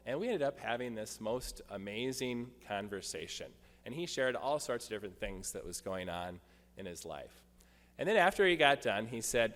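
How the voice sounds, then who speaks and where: A man's voice: lowish voice, expressive, normal speed, fairly bright tone. A male pastor preaching a sermon, telling a personal story with light humor. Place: church sanctuary. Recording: long church reverb.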